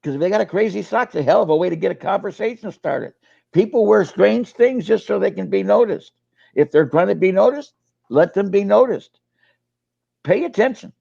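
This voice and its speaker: A man's voice: high-pitched, lively intonation, a little fast, creaky, warm tone, slightly rough, dry recording, lo-fi sound. An older man and co-host, telling folksy sales stories in a casual webinar chat, often repeating his words. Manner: folksy storyteller, repeats words, uses fillers.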